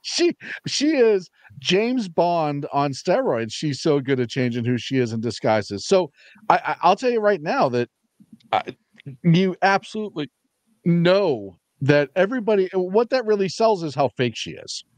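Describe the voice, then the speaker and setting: Guy on a political panel, kinda high voice, blunt, rambly restarts. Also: big pitch swings, a little slow, no echo. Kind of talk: heated political panel chat.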